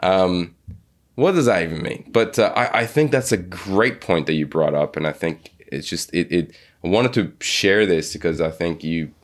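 A low-pitched man hosts a relaxed interview. He talks haltingly, circling back and restarting his sentences often. He slips into quoted speech as he tells a story. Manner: hesitant, many restarts and repeated words. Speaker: podcast host. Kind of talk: conversational interview.

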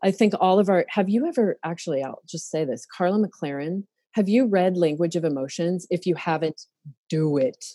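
Mellow low-voiced woman, open and emotional. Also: normal speed, husky, no echo. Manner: open, emotional, many fillers and restarts. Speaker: therapist. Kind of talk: casual podcast conversation.

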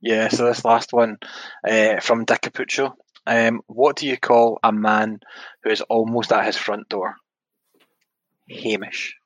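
A man's voice: fairly low pitch, little pitch movement, measured pace, dry recording. A man co-hosting a podcast, chatting casually and delivering joke punchlines dryly. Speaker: podcast co-host. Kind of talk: casual chat.

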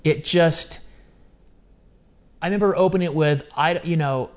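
A man in his fifties with a fairly high voice tells a personal story in conversation. He is earnest and animated, and he slips into his own remembered words as he goes. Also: unhurried, pauses often. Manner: earnest, animated, quoting himself. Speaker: guest telling his adoption story.

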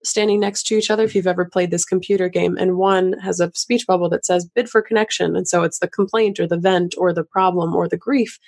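A woman hosting a podcast, asking thoughtful questions in a relaxed conversational interview. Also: lowish voice, a little fast, hardly any pauses. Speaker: podcast host.

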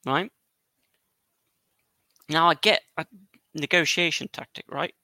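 A man co-hosting a casual football podcast, animated and laughing often as he reads a document aloud. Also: on the high side, slow, dry recording. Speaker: podcast co-host.

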